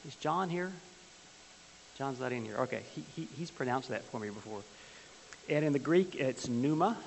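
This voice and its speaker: A man's voice: mid-range voice, gravelly. A man teaching a church Bible class with a folksy, joking manner, telling stories and asking the class questions. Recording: hissy, long-reverb hall.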